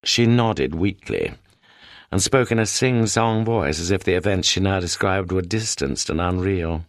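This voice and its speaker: A man with a British accent reading a detective story as an audiobook narrator in a steady storytelling manner. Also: low-pitched, a little slow, no room sound, clean studio sound. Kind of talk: scripted narration.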